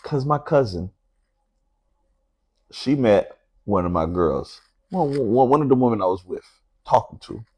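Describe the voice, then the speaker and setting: A man in the middle of his usual register tells a dating story in a relaxed podcast chat. He jumps between street slang and quick restarts, and he acts out both voices of an argument with energy. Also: mid-range voice, breathy edge, poor audio. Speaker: podcast co-host.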